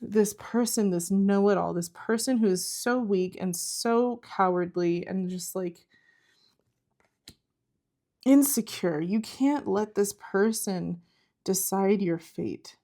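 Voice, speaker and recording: A woman's voice: mid-range voice, takes it slowly, mellow. A woman giving an earnest, encouraging tarot reading to camera, repeating herself and saying "like" often. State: close to tears at times. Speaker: tarot reader.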